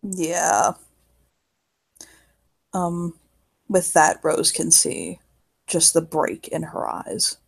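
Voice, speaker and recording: A tabletop player speaks slowly and hesitantly, pausing on fillers and cursing casually as they describe what their character does. The voice has a gravelly, creaky texture at a middle pitch. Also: little pitch movement. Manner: halting, casual, swears often, many fillers.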